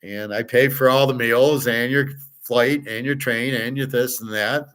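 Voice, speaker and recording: A man's voice: medium pitch, fairly even intonation, measured pace, fairly bright tone. A middle-aged man hosting a casual monologue, rambling and blunt, swearing freely. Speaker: host.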